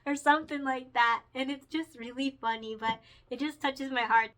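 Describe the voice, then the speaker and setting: Woman picture book author, casual vlog chat, giggly and emotional, bright tone. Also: on the high side, a little slow, long pauses.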